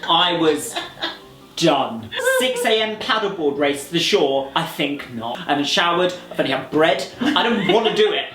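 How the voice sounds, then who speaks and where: A man's voice: a little high, normal speed. Laughing man telling a story. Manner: animated, laughs often, acts out what others said. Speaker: vlogger. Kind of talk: storytime anecdote. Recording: roomy echo with faint music.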